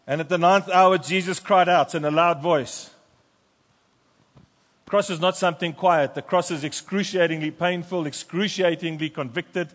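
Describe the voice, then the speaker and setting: A pastor preaching a sermon and reading scripture aloud with fervent emphasis in a church. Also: male voice, a little high, steady tone, moderate pace. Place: church sanctuary. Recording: long church reverb.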